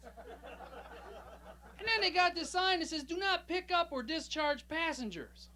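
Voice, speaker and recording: A man doing a short stand-up set at a comedy club, delivering his jokes with a dry, deadpan touch. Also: very high voice, slow pace. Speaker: stand-up comic. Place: small comedy club stage, audience laughing.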